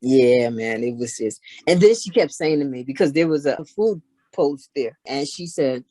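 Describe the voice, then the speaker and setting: A middle-aged woman chatting casually as an interview guest, telling animated stories. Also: extremely low pitch, normal speed, no room sound. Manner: animated, acts out others in her stories. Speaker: guest, knitwear maker. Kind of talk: casual storytelling chat.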